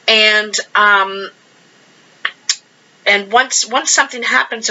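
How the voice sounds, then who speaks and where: A woman's voice: mid-range voice, slow, pauses often, bright, forceful tone. A woman giving a casual monthly tarot reading, chatty and rambling as she thinks aloud over the cards. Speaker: tarot card reader. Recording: dull lo-fi sound.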